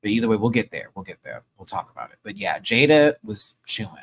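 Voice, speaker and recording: Speaking fast over a slight hiss or hum, a man who hosts his own channel recaps a live show in a casual, slangy way. He gushes and suddenly shoots up into high, excited exclamations.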